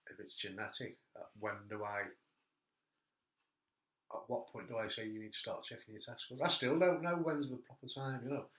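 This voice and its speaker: A man hosting a casual chat, an animated storyteller who laughs at his own anecdotes. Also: medium pitch, fairly quick, lo-fi sound. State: hurt back. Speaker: host. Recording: echoey room.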